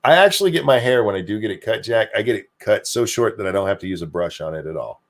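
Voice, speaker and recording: Speaking quickly in a lowish voice, an older man chats casually on his streamed talk show. He swears without restraint, stays animated and pokes fun at himself.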